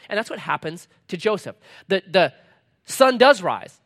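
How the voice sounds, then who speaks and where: A middle-aged man preaching a sermon as pastor, swinging between loud punchy lines and quiet low asides, reading scripture slowly and deliberately. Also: very animated.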